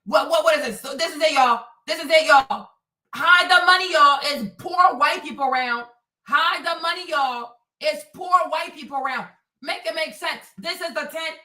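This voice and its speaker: A woman hosts a livestream in a fired-up commentary rant. Her voice is high and bright, she swears freely, and she hammers the same phrases again and again. She sits back from the microphone in a roomy, echoing space. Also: normal speed, far from the mic. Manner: animated, profane, repeats phrases for emphasis. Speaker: livestream host. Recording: roomy and off-mic.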